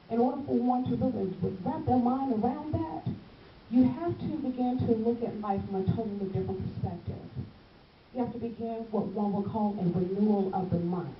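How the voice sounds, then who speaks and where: A woman's voice: fairly high pitch, moderate pace. Passionate woman evangelist in an echoey church. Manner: passionate, emphatic, keeps asking the congregation "amen?"; calls listeners "baby". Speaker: evangelist preacher. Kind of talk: call-and-response church sermon. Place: church hall with a congregation. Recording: echoey, distant, dull church recording with faint hiss.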